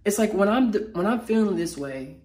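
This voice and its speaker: A man who speaks as a mental health motivational speaker, talking unscripted in a personal vlog while feeling low. His speech is halting, raw and emotional, full of slangy fillers and restarts. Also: expressive, a little mellow.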